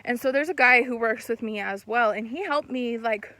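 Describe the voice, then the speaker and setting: A young woman in casual storytime talk, animated and swearing, acting out what people said. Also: fairly high pitch, moderate pace, no echo. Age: young adult. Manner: animated, swearing, laughs mid-story, acts out quotes. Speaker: vlogger.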